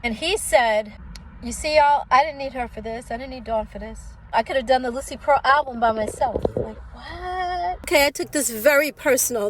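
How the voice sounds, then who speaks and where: A woman's voice: a little high, slight background noise, low-quality recording. A middle-aged woman from Oakland, a singer, speaking to her viewers in a candid, indignant commentary vlog. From Oakland, California, USA. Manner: indignant and direct, addresses viewers as y'all. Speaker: singer and vlogger.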